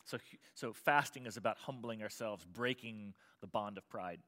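Male pastor, bright tone, sermon delivery with big swings between fervent pleading and quiet teaching. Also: lowish voice, normal speed. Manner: swings from loud impassioned pleading to quiet explaining.

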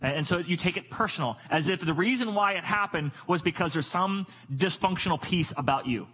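A man's voice: high-pitched, brisk, sharp tone, slightly rough, rough recording. A man preaching a sermon as a pastor, emphatic and repetitive, asking rhetorical questions.

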